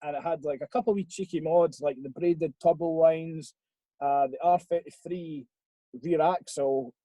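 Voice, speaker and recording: A man's voice: fairly high pitch, normal speed, dark tone, dry recording, low-quality recording. A young Scottish man on a video call, telling a rambling, sweary story in casual chat. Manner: rambling, sweary, laid-back. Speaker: podcast guest.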